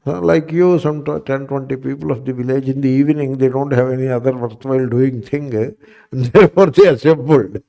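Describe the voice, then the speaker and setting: A man's voice: mid-range voice, fairly quick, vocal fry, mellow. A man giving a spiritual class lecture as a Vedanta teacher, repeating points and checking in with his listeners. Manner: repetitive, asks the listeners questions.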